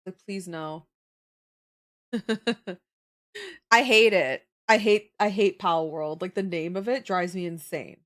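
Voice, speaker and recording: A young adult woman, chatting casually with her live viewers. She talks in an animated way, laughs often and answers viewer comments as they come in. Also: fairly low pitch, slow pace, long pauses. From Canada. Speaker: livestreamer.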